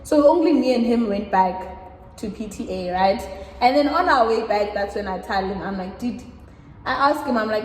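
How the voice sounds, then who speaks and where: Woman, animated storyteller who laughs a lot, faint background noise behind her. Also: mid-range voice, moderate pace. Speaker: guest. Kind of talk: casual storytime chat. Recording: echoey room with long reverb and faint background noise.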